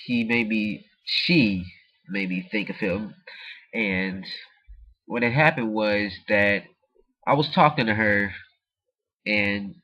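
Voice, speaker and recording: A teenage boy vlogging at home, rambling through a story and jumping into squeaky high voices as he acts it out. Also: muffled recording. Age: teens. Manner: animated, jumps to squeaky high pitch when acting out the story.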